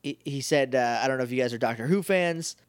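A man's voice: medium pitch, fast talker, smooth, no room sound, clean studio sound. A man co-hosting a podcast, chatting casually with a rambling, jokey manner and lots of fillers. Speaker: podcast co-host. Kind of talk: casual chat.

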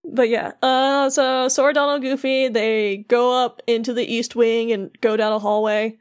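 A woman's voice: on the high side, flat delivery, moderate pace, clean tone. A young adult woman co-hosting a podcast, recapping a game in casual chat and filling her talk with "like". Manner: chatty, heavy use of "like", acts out characters' lines. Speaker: podcast co-host.

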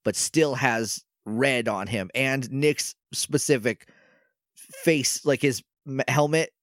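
A man's voice: medium pitch, takes it slowly, no echo, studio quality. A man co-hosting a podcast, casually recapping a show episode and acting out characters' lines with jokes. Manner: retells scenes by acting out lines, joking. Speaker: podcast co-host.

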